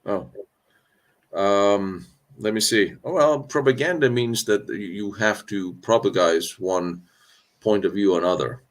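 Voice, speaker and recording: In an unhurried, lowish voice, a man hosts a live stream Q&A about battlefield history. He's indoors while traveling on location, speaking candidly and rambling, with sarcastic asides and many restarts.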